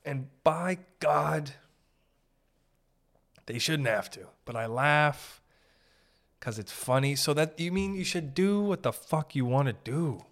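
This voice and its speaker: A young man hosting a podcast, rambling through a profane, animated comedic monologue. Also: mid-range voice, unhurried. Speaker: podcast host.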